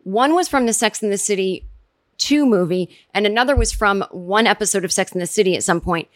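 A woman hosting a podcast, chatting casually and animatedly, jumping into high voices when she quotes people. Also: a little fast, no echo, clean studio sound. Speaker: podcast host recapping a TV episode. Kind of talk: casual chat.

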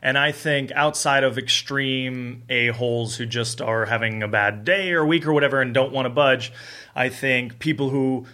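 A man in casual conversation as a guest director, telling animated stories and acting out what people said. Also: medium pitch, moderate pace. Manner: animated storyteller who acts out quotes.

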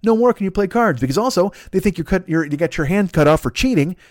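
A man hosting a comedy podcast, riffing in an excitable, profane, absurdist monologue. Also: high voice, quick pace, no echo, clean studio sound. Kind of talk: rambling improvised comic monologue.

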